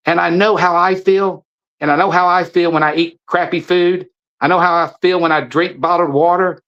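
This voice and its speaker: Pitched fairly high with a fairly bright tone, a middle-aged man speaks as a guest, a supplement seller giving an impassioned, preachy speech. He keeps repeating himself and restarting sentences as he stumbles along, and the recording is muffled.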